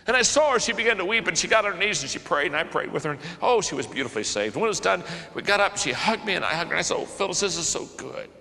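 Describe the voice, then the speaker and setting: An older man preaching to a conference, moving between hushed storytelling and fervent, raised passages. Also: sits high, animated, rapid-fire, gravelly, hardly any pauses. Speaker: pastor. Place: conference hall. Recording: large hall with long reverb.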